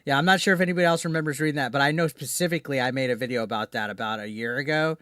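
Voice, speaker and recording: A man's voice: medium pitch, very fast, a bit bright, no room sound, clean studio sound. A man hosting a live call-in stream, talking casually with frequent restarts and swearing. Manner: rambling, profane, many restarts. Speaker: streamer host.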